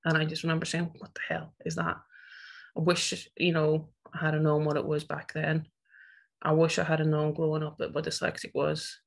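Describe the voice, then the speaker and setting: A woman's voice: low-pitched, monotone, moderate pace, gravelly. A woman in her forties with a Northern Irish accent, a teacher giving a passionate, emphatic personal talk at a presentation. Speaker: teacher and conference speaker.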